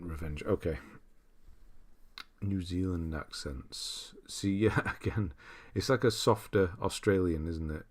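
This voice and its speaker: A man's voice: low-pitched, darkish tone. A young British man hosting a casual livestream, chatting loosely, reading out viewer comments and laughing often. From Britain. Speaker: livestream host.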